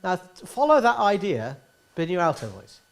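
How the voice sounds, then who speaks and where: Lively, animated male singing teacher. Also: high-pitched, moderate pace. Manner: coaxing, demonstrative, sings nasal vocal examples. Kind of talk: masterclass coaching. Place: teaching hall at a singing school.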